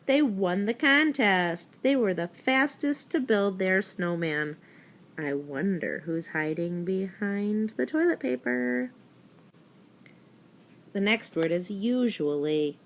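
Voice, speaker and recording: Slow, deliberate woman teaching spelling to kids. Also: mid-range voice. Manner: deliberate, spells words out letter by letter. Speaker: elementary school teacher. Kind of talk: recorded spelling lesson for children.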